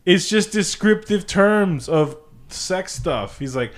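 A man's voice: high voice, expressive, slow pace. A man hosting a podcast, chatting casually and crudely, with lots of giggling and jokes. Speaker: podcast host. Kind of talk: casual comedy chat.

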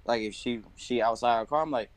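A young man chatting casually with friends, animated and swearing, with lots of filler words. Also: medium pitch, fairly quick, slight background noise. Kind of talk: casual chat among friends.

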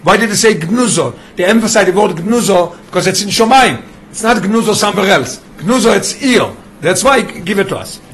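High-voiced man teaching. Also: lively intonation, fast talker, fairly bright tone, a little hiss or hum. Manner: mixes English with Yiddish and Hebrew terms, explains with examples. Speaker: Torah teacher. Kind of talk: classroom Torah lesson.

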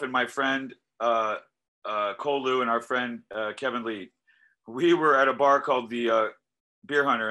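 A male musician talking casually in an interview, telling animated stories, acting out quoted voices and swearing freely. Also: mid-range voice, poor audio. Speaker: musician guest.

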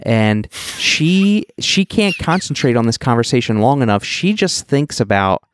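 A man's voice: mid-range voice, sing-song, unhurried, slight background noise. A man co-hosting a podcast, recapping a movie in rambling, wry casual chat. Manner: rambling, many fillers and restarts, wry. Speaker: podcast co-host.

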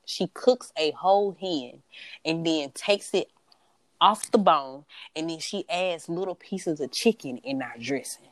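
Southern woman, podcast co-host, lowish voice, dry sound, fired-up casual rants. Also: a little slow, dry recording. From Mississippi. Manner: animated, ranting, swears freely. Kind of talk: casual chat.

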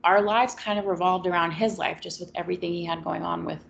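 Twenties woman, casual co-host, low fry-heavy voice, candid and reflective. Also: level tone, quick pace, lo-fi sound, a little hiss or hum. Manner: candid, reflective, sarcastic at times. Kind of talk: casual chat.

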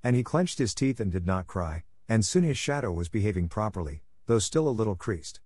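A man narrating a classic children's story in a measured, even reading. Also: fairly low pitch.

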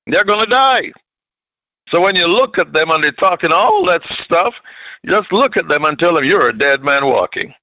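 A man's voice: fairly high pitch, lively intonation, moderate pace, no room sound, dull audio. A man preaching a sermon with emphatic call-and-response questions to his congregation.

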